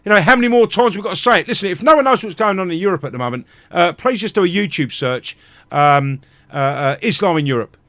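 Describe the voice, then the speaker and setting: A man's voice: sits high, expressive, fast, fairly bright tone, dry recording. A man with a British accent hosting a live stream, ranting angrily and swearing constantly. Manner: angry, profane ranting. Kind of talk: livestream rant.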